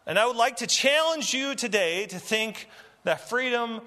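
A man preaching a sermon as pastor, slow and deliberate, with emphatic rises on key words. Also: very high-pitched, expressive, bright, forceful tone. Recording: long hall reverb.

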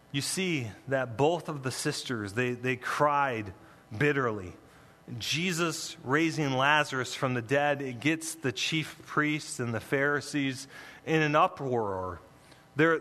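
A man's voice: fairly high pitch, pushed and bright. A man preaching a sermon as pastor, emphatic, with playful asides to the congregation, in a church. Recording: long reverb in a large hall.

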